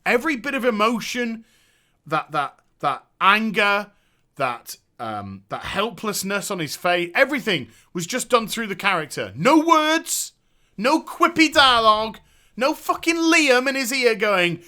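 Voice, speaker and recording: Male host, lively high voice with sharp edge, swearing and sarcastic rant. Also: a little slow. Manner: profane, sarcastic, exasperated. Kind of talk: ranting game review.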